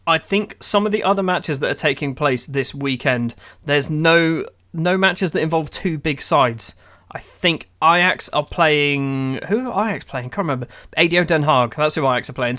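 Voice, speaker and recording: A man with a fairly high-pitched voice narrates his football management game as it plays out. He calls the action in quick bursts and groans at his team with dry sarcasm, talking like a casual gaming video host. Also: fairly bright tone. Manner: exasperated, sarcastic running match commentary. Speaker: gaming YouTuber. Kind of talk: playing a football manager game with live commentary.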